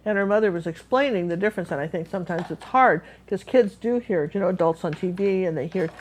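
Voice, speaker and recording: A woman with a somewhat low voice leads a live painting lesson. She chats and tells stories as she paints, rambling with plenty of fillers and restarts. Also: quick pace, poor audio. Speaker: painting teacher. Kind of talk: live painting class, chatty storytelling.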